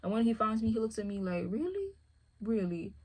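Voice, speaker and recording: A woman's voice: on the high side, steady tone, racing, darkish tone. A woman who handles a service dog, talking casually and rambling, often asking "you feel me". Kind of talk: casual chat.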